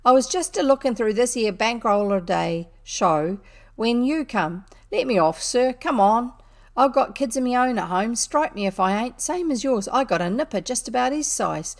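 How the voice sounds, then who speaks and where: Woman doing a husky burglar. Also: a little high, lively intonation, moderate pace. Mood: wheedling. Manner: wheedling, rough. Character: big rough male burglar, pleading and sullen.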